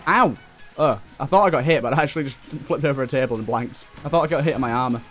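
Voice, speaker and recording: A young man giving excitable running commentary while playing a video game, talking back to enemies on screen. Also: medium pitch, fast. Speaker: let's play host. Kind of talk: gameplay commentary. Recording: faint game music behind.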